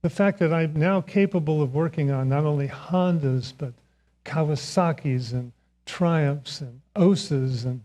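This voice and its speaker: A man's voice: on the high side, darkish tone. An older man giving a Sunday sermon in a church, telling a self-mocking story and chuckling often. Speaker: speaker giving the Sunday message. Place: church sanctuary.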